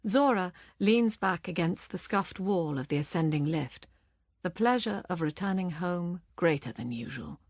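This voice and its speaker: Woman audiobook narrator, lowish voice, even pacing, dead-dry studio sound. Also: unhurried, no room sound.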